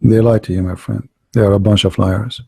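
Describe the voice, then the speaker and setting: A man's voice: on the low side, steady tone, brisk, gravelly, darkish tone, slightly rough, no echo. A man hosting a casual online debate call, hesitant and repeating words, turning confrontational about his opponents.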